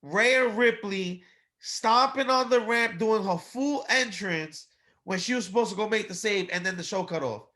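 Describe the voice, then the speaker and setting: Bright, high-voiced man reviewing wrestling. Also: moderate pace. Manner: blunt, animated, swears, mocking. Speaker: podcast co-host. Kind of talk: casual wrestling review chat.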